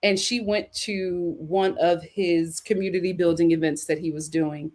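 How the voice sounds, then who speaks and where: A woman's voice: lowish voice, steady tone, normal speed, a little mellow. A woman hosting a livestream, reading viewer comments and giving sassy, emphatic opinions on relationships. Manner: sassy, emphatic, repeats punchlines. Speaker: host.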